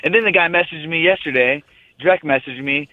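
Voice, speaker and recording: Young male fighter calling in, quick and rambling, tinny dry phone line. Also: on the high side, no echo. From United States. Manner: rambling, loose and profane. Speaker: guest fighter. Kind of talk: casual radio interview.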